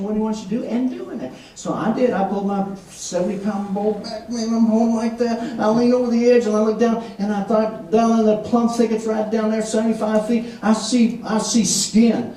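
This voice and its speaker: A man preaching a sermon as an animated storyteller, acting out voices and laughing often. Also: high-pitched, moderate pace, hardly any pauses, crowd noise. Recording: echoey room from far off with faint noise.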